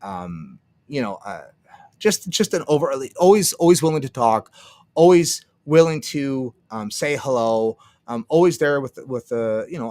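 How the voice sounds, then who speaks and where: A man's voice: mid-range voice, animated, moderate pace, mellow, no room sound. A man from Canada hosting a casual livestream, rambling and swearing, laughing often and acting out what others said. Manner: rambling, profane, laughs often, acts out quotes. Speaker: streamer.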